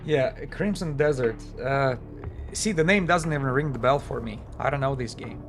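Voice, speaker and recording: A man's voice: mid-range voice, moderate pace, faint music behind. A man chatting casually during a live game stream, thinking aloud with fillers and slightly non-native phrasing, his voice tired after hours of talking.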